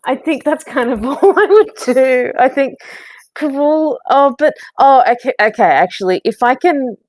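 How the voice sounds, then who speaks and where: A woman's voice: sits high, lively intonation, moderate pace, dry recording. A woman playing in a tabletop game, talking casually and hesitantly as she decides her move. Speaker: player.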